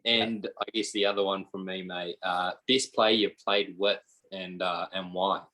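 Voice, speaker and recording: Low-voiced, blokey New host. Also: male voice, fairly even intonation, measured pace, pushed and bright, poor audio. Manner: blokey and enthusiastic, says mate. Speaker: podcast co-host. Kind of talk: casual podcast chat.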